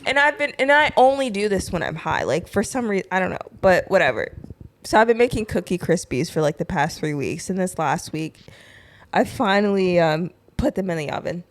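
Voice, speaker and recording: A woman's voice: on the low side, expressive, brisk. A young woman co-hosting a podcast, rambling through a story in casual chat and giggling often. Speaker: podcast co-host.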